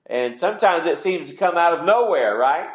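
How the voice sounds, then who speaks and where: This pastor sounds animated, his voice on the high side and his pace moderate, as he preaches conversationally and quizzes the congregation. The church sanctuary around him is echoey.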